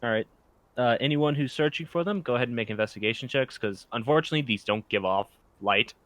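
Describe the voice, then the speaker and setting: A man's voice: medium pitch, quick pace, a bit bright, no echo, rough recording. A man narrating as game master of a tabletop game in an easygoing, descriptive way.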